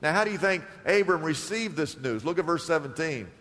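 Man preaching, high-pitched, lively storytelling sermon, long hall reverb. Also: a little fast. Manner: animated preacher, acting out Bible scenes and reading scripture. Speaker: pastor.

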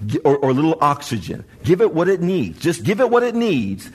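Animated high-voiced preaching pastor. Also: male voice, brisk, breathy edge. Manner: preaching with rising shouts and call-and-response. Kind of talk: sermon. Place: church before a congregation.

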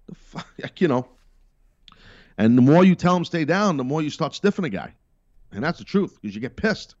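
Middle-aged guy hosting, blunt and sweary, sarcastic, animated delivery, lo-fi sound. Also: fairly high pitch, normal speed, no echo. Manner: emphatic, blunt and profane with sarcastic asides. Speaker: podcast host. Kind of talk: casual wrestling commentary.

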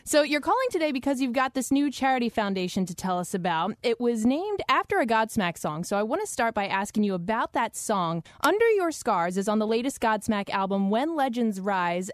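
A woman's voice: a little high, big pitch swings, brisk, few pauses, dry recording, clean studio sound. A woman hosting a radio interview, speaking in an upbeat manner. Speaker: radio host. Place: radio studio.

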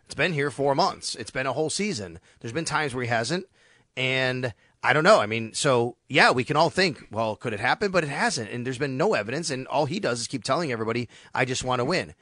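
Bright-voiced man hosting sports talk. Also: mid-range voice, fairly quick, no echo, clean studio sound. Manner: animated storytelling, acts out quotes. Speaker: sports radio host.

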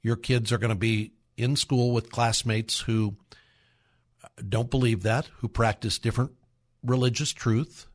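A man's voice: mid-range voice, steady tone, measured pace. A middle-aged man hosting a radio talk, earnestly urging parents, repeating himself and breaking into acted quotes. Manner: earnest, exhorting, acts out quoted voices. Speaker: radio host.

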